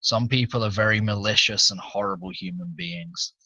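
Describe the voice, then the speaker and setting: Deep-voiced man playing a gruff sergeant. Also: moderate pace, sharp tone, no room sound, poor audio. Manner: gruff, commanding sergeant talk. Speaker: player. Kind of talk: in-character tabletop play.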